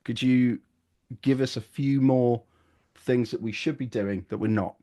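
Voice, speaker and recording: A man's voice: mid-range voice, a little slow, warm tone. A middle-aged man co-hosting a podcast, dry and teasing with a mock-serious tone. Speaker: podcast co-host. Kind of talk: casual chat.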